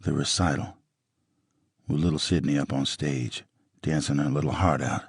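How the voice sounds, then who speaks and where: Deep husky man reading a story. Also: fairly even intonation, moderate pace, dry recording, studio quality. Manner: blunt, profane storytelling. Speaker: audiobook narrator. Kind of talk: first-person book reading.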